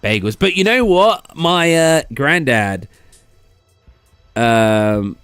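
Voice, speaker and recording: A British man streaming from his gaming setup, chatting loosely and answering viewers as he goes. His pitch swings a lot, rising and dipping with every remark. Faint music plays softly underneath. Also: big pitch swings, very slow, smooth, no room sound. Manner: rambling, chatty, reads out and answers viewer messages. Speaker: live streamer. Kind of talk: casual live-stream chat. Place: indoors at a gaming computer.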